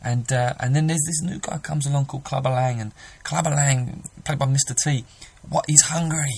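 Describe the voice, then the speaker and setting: A man's voice: medium pitch, fairly even intonation, normal speed, creaky, husky, rough recording. A man preaching a sermon, earnest and emphatic, often restarting his sentences.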